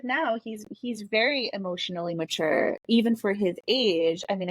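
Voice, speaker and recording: On a podcast, a thirty-something guest speaks in a mid-range voice with no room sound. Blunt and candid in a casual way, she quotes her children by performing their lines.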